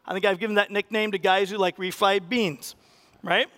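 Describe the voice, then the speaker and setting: A man preaching a sermon as pastor, animated and acting out quoted voices with sudden rises in pitch and loudness. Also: normal speed.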